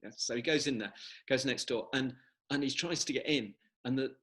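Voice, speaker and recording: Bright-voiced man chatting over a video call. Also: medium pitch, a little fast, low-quality recording. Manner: chatty, rambling joke-teller. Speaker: author. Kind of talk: casual talk at an online book launch.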